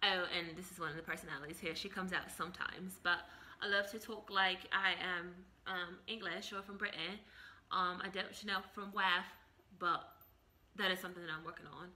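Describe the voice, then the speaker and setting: Very bright-voiced woman in her 30s, extra and goofy, just chatting at the camera. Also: fairly low pitch, steady tone, normal speed. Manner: playful, over-the-top, self-described extra. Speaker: vlogger. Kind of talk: casual chat to camera.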